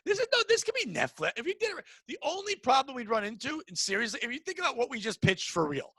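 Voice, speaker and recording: High, bright-voiced man riffing excitedly. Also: fast, no room sound, low-quality recording. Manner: excitable, riffing, bursts into shouted bits. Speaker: podcast host. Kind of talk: casual comedy podcast banter.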